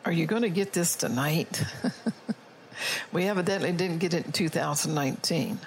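Preacher, sermon, mid-pitched voice, reads scripture aloud, faint background noise. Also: a little fast, rough recording. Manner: reads prophecy and scripture aloud, often checks in with "all right?".

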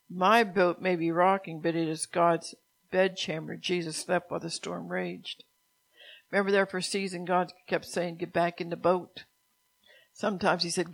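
A woman preaching a sermon, reading scripture and speaking God's words to her listeners, at times softly. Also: lowish voice, little pitch movement, moderate pace.

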